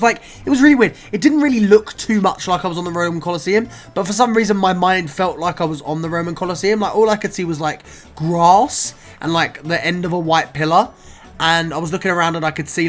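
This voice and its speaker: A man's voice: high-pitched, fast talker, soft background music. A young man, telling a casual, expletive-laden story for his vlog. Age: 20s. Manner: animated, swears often, says "bro" a lot. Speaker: vlogger.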